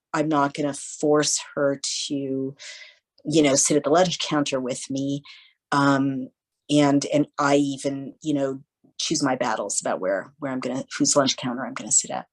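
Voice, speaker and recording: Low-voiced woman telling stories animatedly. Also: poor audio. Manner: animated storytelling, acting out quoted voices. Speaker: podcast guest. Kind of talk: casual interview conversation.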